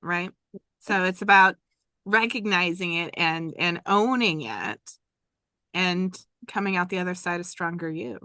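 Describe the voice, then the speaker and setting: A woman hosting a podcast conversation with a bright, forward tone. Her voice sounds dry and close, and she speaks in an affirming, thoughtful way. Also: on the low side, animated, a little slow, dry recording. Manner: affirming, thoughtful, builds points with restarts. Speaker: podcast host.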